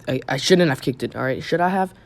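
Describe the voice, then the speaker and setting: A man's voice: mid-range voice, fast, gravelly. A young man casually telling a personal story on his channel, rambling with many fillers and restarts. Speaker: YouTube storyteller.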